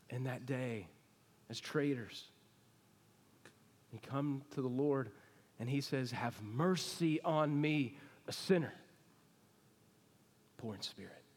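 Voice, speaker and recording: A man preaching a sermon to a congregation, talking it through in a conversational way and often asking the people questions. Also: medium pitch. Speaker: pastor. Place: church sanctuary. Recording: long reverb of a church hall.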